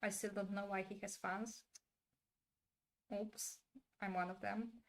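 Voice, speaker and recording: A woman talks to her stream chat in a loose, casual way, and her voice sits at a middling pitch. She is opinionated and blunt and drops in the occasional swear word. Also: flat delivery, slow pace. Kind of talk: casual livestream commentary.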